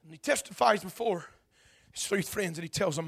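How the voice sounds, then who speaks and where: Raspy high-voiced impassioned male preacher. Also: a little fast. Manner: impassioned preaching, drops to hushed then builds to shouting. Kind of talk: sermon.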